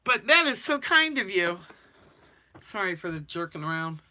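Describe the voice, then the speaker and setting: This woman runs a casual livestream, reading chat comments aloud and chatting in a homey manner. Her mid-range voice is very animated, pushed and bright, at a moderate pace.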